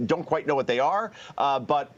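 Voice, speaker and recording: A man giving sarcastic commentary as a guest on a cable news morning show, speaking in quick quips. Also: medium pitch, animated. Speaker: political commentator. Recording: dull lo-fi audio.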